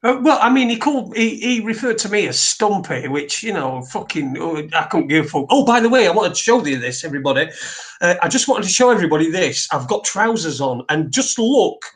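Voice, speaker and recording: A man's voice: high voice, very animated, brisk. A man, co-hosting a casual home podcast, rambling and swearing freely. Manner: sweary, rambling, laughs a lot. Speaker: podcast co-host. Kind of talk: casual chat. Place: living room at home.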